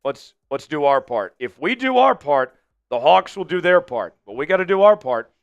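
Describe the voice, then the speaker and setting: Guy hosting a fan game stream, kinda high voice, super clean and smooth, hypes up the chat. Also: normal speed, dry recording, muffled recording. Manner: excitable, hypes up chat viewers. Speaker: fan livestream host. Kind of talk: live game watch-along chat.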